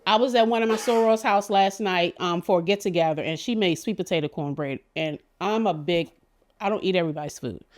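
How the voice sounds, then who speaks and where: A woman's voice: lowish voice, a little fast. A middle-aged woman giving a casual cooking demonstration, telling chatty, rambling stories with many fillers. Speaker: cooking show cook.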